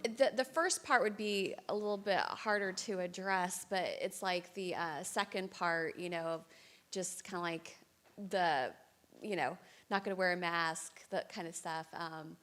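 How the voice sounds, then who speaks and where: A woman's voice: lowish voice, unhurried, fairly bright tone. A woman, a hairdresser, sharing her thoughts in a church group discussion, thoughtful and a little hesitant. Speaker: hairdresser, class participant.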